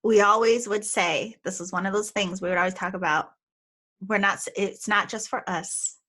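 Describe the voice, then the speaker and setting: A woman in her thirties hosting a podcast, chatting warmly with a close friend and laughing easily. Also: medium pitch, fairly even intonation. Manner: affectionate, chatty, quick to laugh. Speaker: podcast host. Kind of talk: casual chat.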